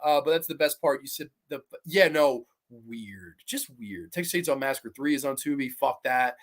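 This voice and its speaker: A man's voice: medium pitch, normal speed. A man hosting a livestream, giving casual and profane commentary on horror films while reacting to chat.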